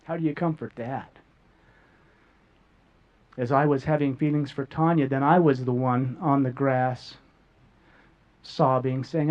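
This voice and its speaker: A man's voice: medium pitch, steady tone, unhurried, long pauses. A middle-aged man earnestly sharing a personal story as a guest, often repeating words as he goes. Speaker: guest speaker. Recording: dull lo-fi audio.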